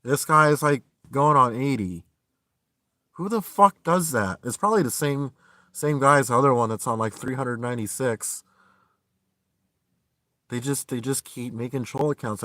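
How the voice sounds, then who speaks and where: A man in a heated, profanity-laced live-stream rant from his van. His voice has a bright, sharp edge and sits close and dry on the mic. He jumps from loud outbursts to weary, low muttering. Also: normal speed, pauses often, no room sound. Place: inside a parked van.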